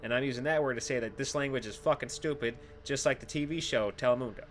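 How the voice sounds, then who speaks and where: Young dude rambling thru his game, swears a lot, gets loud on the funny bits, mid-pitch voice. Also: quick pace, a little hiss or hum. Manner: animated storytelling, swears freely, jumps to loud exclamations. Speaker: gaming video host. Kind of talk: casual commentary while playing a game.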